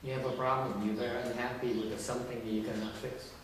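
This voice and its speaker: A man gives an informal talk to a group at a middle pitch, with a conversational, teasing manner and frequent restarts. He is recorded from a distance in a strongly echoing room, with faint noise behind him. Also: little pitch movement, fast. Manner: conversational, repetitive restarts, teasing questions, chuckles. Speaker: teacher addressing a group. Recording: very echoey room, distant mic.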